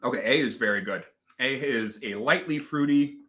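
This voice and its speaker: A man's voice: medium pitch, normal speed, sharp tone. A man co-hosting a casual whisky tasting chat, chatty and rambling, laughing often. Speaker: whisky review show co-host.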